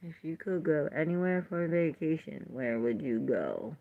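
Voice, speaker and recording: A woman's voice: sits low, expressive, normal speed, phone-quality sound. A woman giving a live tarot reading, chatting with viewers, reading their comments aloud and laughing often. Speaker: tarot reader.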